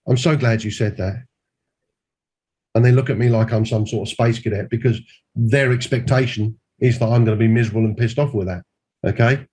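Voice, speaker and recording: Husky-voiced male mentor, emphatic and repetitive delivery, call audio. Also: mid-range voice, steady tone, quick pace, dark tone. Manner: emphatic, repeats key points. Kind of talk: mentoring talk.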